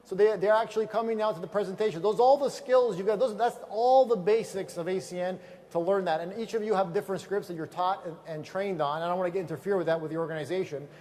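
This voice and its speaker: A man giving a motivational seminar talk to a live audience, telling lively stories and asking the room questions. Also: high voice, fast. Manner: energetic storyteller, asks the audience questions. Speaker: business trainer.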